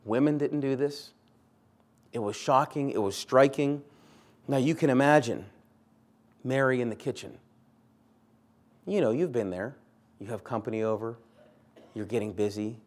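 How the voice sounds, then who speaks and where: A man's voice: mid-range voice, moderate pace, long pauses. Earnest, conversational male preacher. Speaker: pastor. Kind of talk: sermon.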